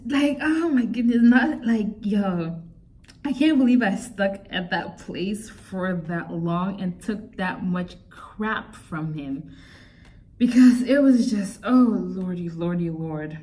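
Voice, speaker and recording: A woman's voice: medium pitch, slow pace, recorded from a distance. Young woman telling a story, set back from the mic. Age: young adult. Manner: animated, exasperated, laughs often, acts out quotes. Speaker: vlogger. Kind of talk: casual storytelling.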